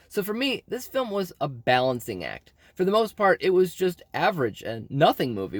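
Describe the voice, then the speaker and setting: A man hosting his channel, giving a scripted movie review with an emphatic, animated delivery. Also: no echo, clean studio sound. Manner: animated, emphatic delivery with big pitch swings. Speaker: film reviewer and channel host.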